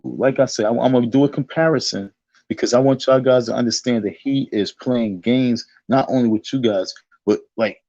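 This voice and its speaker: A man's voice: medium pitch, no room sound, muffled recording. Rambling, restless middle-aged man vlogging. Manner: excitable, repetitive restarts, profane street talk. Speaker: vlogger commentator. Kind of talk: rambling reaction commentary.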